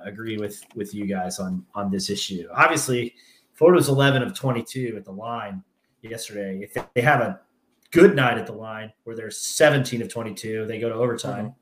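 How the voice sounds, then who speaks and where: Coach in an echoey room. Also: male voice, lowish voice, fairly quick. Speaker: podcast co-host, high school basketball coach. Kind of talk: casual sports podcast chat.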